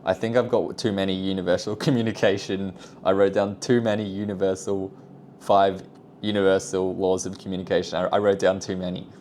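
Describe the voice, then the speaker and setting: A man's voice: sits low, little pitch movement, fairly quick, darkish tone, a little hiss or hum. A young man talking casually about communication skills, rambling and self-deprecating, often trailing off into asides. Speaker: vlogger. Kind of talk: casual self-improvement vlog.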